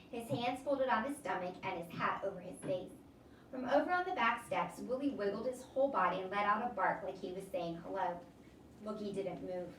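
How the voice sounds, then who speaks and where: A teacher reading a novel aloud in an expressive storybook voice. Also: female voice, mid-range voice, a little hiss or hum. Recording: echoey room, distant mic.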